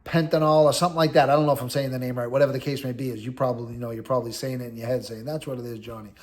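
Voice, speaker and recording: A man's voice: medium pitch, little pitch movement, very fast. A middle-aged man, telling a long personal story in a rambling, blunt, conversational way. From Boston area. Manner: rambling and conversational, full of "like" and "you know", blunt street talk. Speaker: host recounting prison experience. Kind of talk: casual storytelling monologue.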